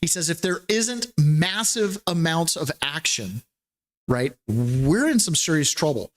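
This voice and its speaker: A man's voice: fairly high pitch, lively intonation, a little slow. A man hosting a casual political talk podcast, chatty and rambling, laughing between points. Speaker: podcast host.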